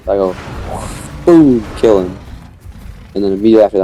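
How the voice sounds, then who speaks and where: A man's voice: lowish voice, animated, fairly quick, mellow, soft background music. A young man casually narrating his own dinosaur gameplay, rambling as he tells the story and acting out quoted lines.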